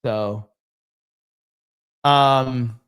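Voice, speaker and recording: A man's voice: medium pitch, fairly even intonation, extremely slow, fairly bright tone, clear, resonant tone. A man hosting a livestream, chatting casually and reading out viewer comments in a loose, profane, rambling way. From United States. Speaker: livestream host.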